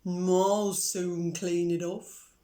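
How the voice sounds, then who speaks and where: A woman voicing a kindly, helpful cow who speaks slowly and soothingly, in a storybook reading. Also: level tone, mellow. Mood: reassuring. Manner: slow, low and soothing. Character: kindly slow-talking cow, calm and helpful.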